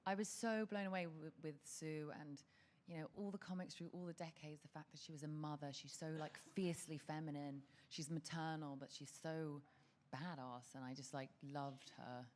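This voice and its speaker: Low-voiced English woman, thoughtful. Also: fairly even intonation, brisk, darkish tone, a little hiss or hum. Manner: thoughtful, searching for words. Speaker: film actor at a premiere. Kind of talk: live event interview.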